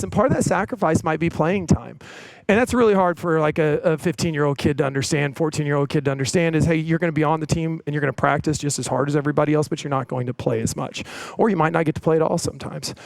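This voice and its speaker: A man's voice: high-pitched, no echo, poor audio. A man preaching a sermon in a casual, conversational way, often asking "right?" and acting out the voices in the stories he tells. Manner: conversational, tag questions, retells stories with quoted voices. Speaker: preacher and coach.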